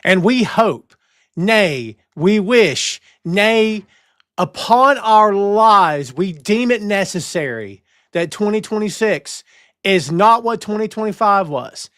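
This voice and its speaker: A man's voice: high-pitched, expressive, slow pace, a bit bright, dry recording, clean studio sound. A man hosting a live-streamed wrestling podcast, talking in a playful, theatrical way and greeting chat viewers. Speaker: podcast host.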